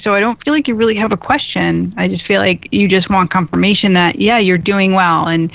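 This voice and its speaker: A woman's voice: mid-range voice, brisk, creaky, hardly any pauses, no room sound, phone-quality sound. A woman hosting a radio call-in show and giving psychic readings, speaking hesitantly with many fillers. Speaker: radio host and psychic reader.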